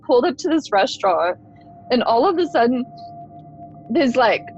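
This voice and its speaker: A woman's voice: fairly high pitch, big pitch swings, moderate pace, darkish tone, lo-fi sound, soft background music. A woman in her forties from Texas, telling a personal story as a podcast guest in a conversational way, full of "like" fillers.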